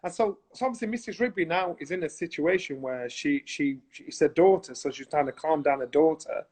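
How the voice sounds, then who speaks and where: Husky man telling stories. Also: a little high, brisk. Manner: animated, acts out voices in his anecdotes. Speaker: guest. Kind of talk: casual storytelling in a conversation. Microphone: video call.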